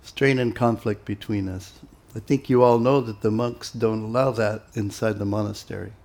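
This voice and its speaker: A man giving an informal spiritual talk to devotees in a relaxed, conversational way, with many pauses and acted-out quoted exchanges. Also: on the low side. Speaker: monastic teacher.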